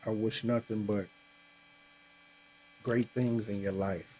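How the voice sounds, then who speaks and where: A man's voice: on the low side, steady tone, slow, darkish tone, a little hiss or hum, poor audio. A man hosting a live podcast from home, chatting casually with viewers and sounding tired after a long day. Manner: laid-back, talks straight to viewers, says y'all. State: tired, yawning. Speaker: podcast host. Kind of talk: casual live-stream chat. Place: home room with a Christmas tree.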